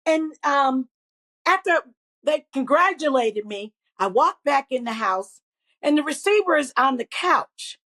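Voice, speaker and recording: Animated high-voiced woman telling stories. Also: a little slow. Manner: animated storyteller, swears freely. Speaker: guest, comedian. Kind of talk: storytelling in a podcast interview.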